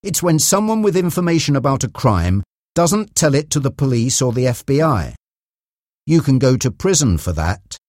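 A man's voice: medium pitch, big pitch swings, normal speed, darkish tone, no echo, clean studio sound. A man reading an audiobook, voicing a severe, overbearing male FBI agent who presses hard. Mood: stern.

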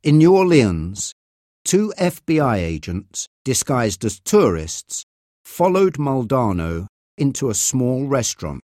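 Slow expressive male narrator. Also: medium pitch, no echo, studio quality. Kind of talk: audiobook reading.

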